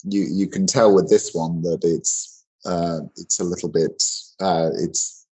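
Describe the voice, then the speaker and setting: Husky low-voiced man teaching grammar. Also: fairly even intonation, unhurried, a little mellow, rough recording. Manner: conversational, many fillers and restarts. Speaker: English teacher. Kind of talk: explaining grammar in an online lesson.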